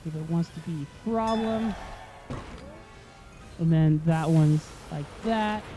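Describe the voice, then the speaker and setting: A let's-play host with a mellow, dark tone whose voice is wearing hoarse. They talk through gameplay, griping and swearing as the game fights back. Faint game music plays underneath. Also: mid-range voice, slow pace. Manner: easily frustrated, swearing and complaining at the game. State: hoarse, voice going. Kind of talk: gameplay commentary.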